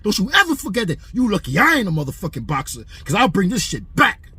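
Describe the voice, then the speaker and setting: A man's voice: sits high, huge pitch swings, fast talker, bright, forceful tone, breathy edge, no room sound. A man hosting a boxing commentary channel, delivering a heated, profane opinion rant to camera. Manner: heated, aggressive, repetitive and profane.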